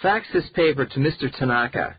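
A man's voice: medium pitch, expressive, fairly quick, husky, no room sound. A man reading English example sentences with natural, conversational intonation. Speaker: English phrase reader. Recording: dull, dry lo-fi studio recording.

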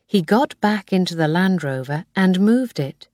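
A woman narrating an audiobook in a slow, clear, measured reading. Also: fairly low pitch, animated, a little mellow, no room sound, studio quality.

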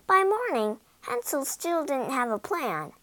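A woman narrating a children's storybook aloud in an animated, dramatic way. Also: high voice, a little slow. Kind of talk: expressive storybook read-aloud.

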